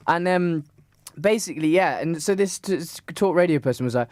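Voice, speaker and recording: A man's voice: on the high side, expressive, a little fast, a little mellow, dry recording, studio quality. A young man co-hosting a podcast, telling a long story in casual chat, full of fillers and restarts. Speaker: podcast co-host.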